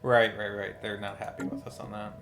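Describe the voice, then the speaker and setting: A man streaming a strategy game, thinking aloud in a tired, low-key way with wry asides. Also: flat delivery, fairly quick, background noise. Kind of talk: casual live-stream commentary.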